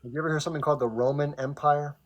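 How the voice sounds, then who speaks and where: A man's voice: fairly high pitch, fairly even intonation, very fast. A man hosting a live stream debate, firmly cutting in to keep order. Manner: firm, cuts in to keep order. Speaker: live stream host and moderator.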